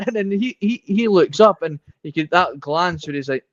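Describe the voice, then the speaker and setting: A man hosting a podcast, teasing his guest and laughing mid-sentence as he tells a quick story. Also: a little high, animated, dry recording. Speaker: podcast host. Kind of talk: casual podcast chat. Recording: dull dry lo-fi mic.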